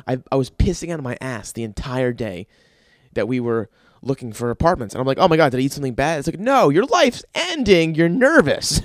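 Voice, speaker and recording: A young man talks alone on his podcast in a loose, profane, rambling rant. His voice sits a little high and jumps up and down a lot as he gets worked up. The sound is dry and close, with no room echo. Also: a little mellow. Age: young adult. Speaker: podcast host. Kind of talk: crude solo podcast rant.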